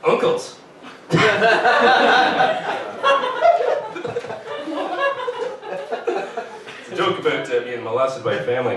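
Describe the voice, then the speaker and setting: A man hosting a live late-night show, telling deadpan jokes and teasing the band. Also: medium pitch, heavy background noise. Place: live venue with band and audience. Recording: echoey room, mic at a distance.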